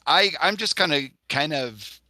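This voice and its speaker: A man's voice: fairly high pitch, expressive, unhurried, pushed and bright, dry recording. A man playing a tabletop horror game, thinking aloud in a rambling, self-correcting way. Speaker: player.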